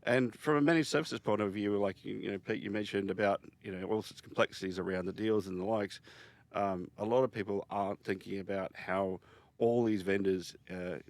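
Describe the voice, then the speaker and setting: Low-voiced man, emphatic guest storyteller. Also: brisk, no room sound. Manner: animated, emphatic storytelling with many restarts. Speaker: podcast guest, software founder. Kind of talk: casual interview talk.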